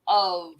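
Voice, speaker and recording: A woman co-hosting a casual chat show, rambling and laughing between points. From Boston area. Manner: chatty, laughing, rambling asides. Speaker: podcast co-host.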